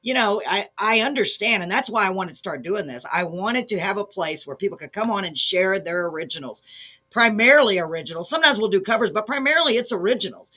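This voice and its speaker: A woman hosting a music show, gushing with effusive praise and losing her voice, clearing her throat now and then. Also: medium pitch, animated, fast, bright, forceful tone. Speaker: show host. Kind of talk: casual interview chat.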